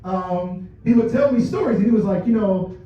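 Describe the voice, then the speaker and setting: A man with a high voice tells stories and talks directly to the people listening, chuckling now and then at his own anecdotes. He sounds far from the microphone, in a very reverberant room with a dull, muffled tone. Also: normal speed. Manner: storytelling, addresses the audience directly, laughs at own stories. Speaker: company leader giving a culture talk. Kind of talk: motivational talk to a live audience. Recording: distant mic, dull and echoey room sound.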